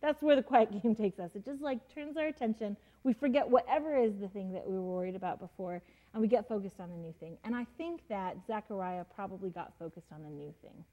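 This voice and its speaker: A woman's voice: mid-range voice, quick pace, mellow, muffled recording. A woman, a mother, teaching a Bible story in a casual, chatty way, full of fillers and acted-out quotes. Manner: chatty, many fillers, laughs often, acts out quotes.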